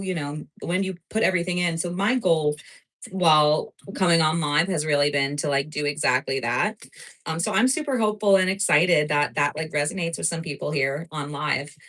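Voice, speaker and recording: Woman, New Jersey accent, somewhat low pitch, casual live cooking chat, rambling, lots of fillers. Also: normal speed, a bit bright, poor audio. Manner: chatty and rambling, full of "um" and "like". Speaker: cooking show host.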